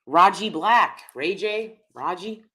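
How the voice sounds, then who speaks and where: Bright, emphatic woman hosting a live stream. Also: lowish voice, lively intonation, slow. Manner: emphatic, repeats key phrases; chatty, talks straight to viewers. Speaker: host.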